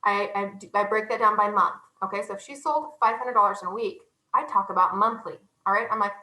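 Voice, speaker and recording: A young woman giving a casual, animated sales training talk, chatty and self-deprecating. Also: medium pitch, brisk, few pauses, roomy sound, rough recording.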